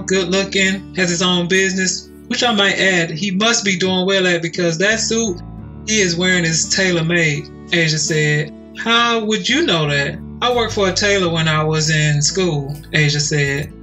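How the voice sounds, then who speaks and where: A man reads a romance story aloud on his podcast, his voice on the high side and bright. He nudges his pitch up a little when the characters speak. Faint music plays behind him. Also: low-quality recording. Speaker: podcast co-host reading a story.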